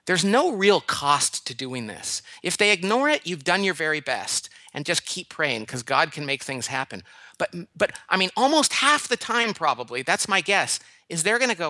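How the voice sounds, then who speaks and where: A man giving a caller advice in an animated, emphatic way, telling stories and acting out other people's lines. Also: fairly high pitch, moderate pace, no echo. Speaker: guest advice-giver, management consultant. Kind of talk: radio call-in advice.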